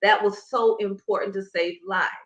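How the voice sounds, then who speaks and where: A woman's voice: medium pitch, steady tone, moderate pace, a bit bright. A woman who coaches Pilates and breathing, explaining emphatically in a conversational interview. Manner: emphatic, instructive, demonstrating as she explains. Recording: echoey room.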